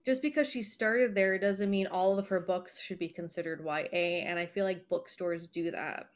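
A woman's voice: lowish voice, fairly even intonation, normal speed. A woman co-hosting a casual book podcast, blunt and prone to swearing and restarts. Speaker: podcast co-host.

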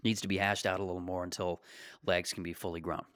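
A man's voice: low-pitched, flat delivery, fast, fairly bright tone, dry recording. A man in his late twenties hosting a solo podcast, talking casually in a rambling, joking, self-deprecating way. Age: 20s. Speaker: podcast host.

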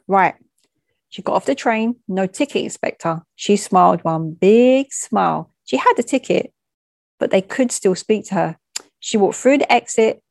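A woman's voice: mid-range voice, a little mellow, no echo. Frank woman telling a story, dry sound. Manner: frank and plain, with conversational asides and small stumbles. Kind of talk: first-hand story reading.

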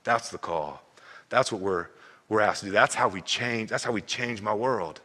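A man's voice: on the low side, normal speed, bright, forceful tone, long reverb tail. A man preaching a sermon as pastor, emphatic and repeating himself as he builds his points. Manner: emphatic, repeats words, acts out quoted voices.

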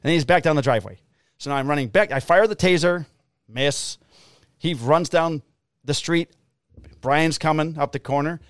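A middle-aged man, a police officer, telling a story in a casual, profane, animated way. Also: fairly high pitch, moderate pace, pauses often, clean tone, dry recording, studio quality.

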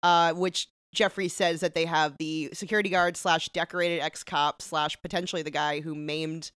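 A woman co-hosting a casual podcast recap, playful and jokey, slipping into quick impressions of characters. Her voice sits a little low for a woman and sounds dry and close to the mic. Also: steady tone, a bit bright, clear, resonant tone, no room sound. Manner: playful, jokey, acts out lines in quotes. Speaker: podcast co-host.

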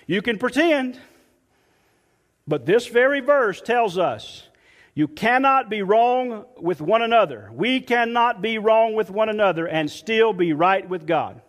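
A man, a pastor, preaching a sermon emphatically and dropping soft and low when quoting scripture. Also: long reverb tail.

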